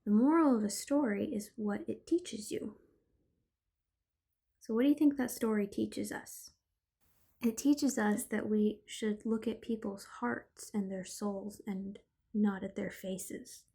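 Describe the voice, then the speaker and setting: A woman reading a bedtime storybook aloud to her child at home, expressive and playful. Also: mid-range voice, slow pace, creaky, breathy edge.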